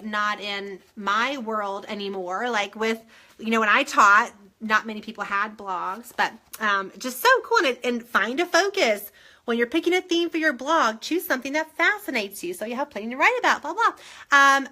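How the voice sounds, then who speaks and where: A middle-aged woman, a former English teacher gushing over books in a casual show-and-tell, full of ums. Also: a little high. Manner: gushing, excitable, many ums.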